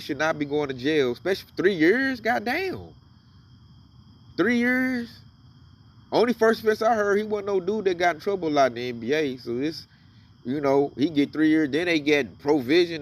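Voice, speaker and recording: A man's voice: a little high, lively intonation, brisk, recorded from a distance. A man giving casual, emphatic commentary on scripture, reading verses aloud and then riffing on them. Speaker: religious commentator.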